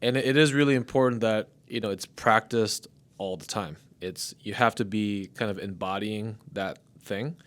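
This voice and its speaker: A man in his thirties co-hosts a casual podcast, explaining ideas in loose phrases that keep restarting. His voice is lowish and a bit bright, at a moderate pace.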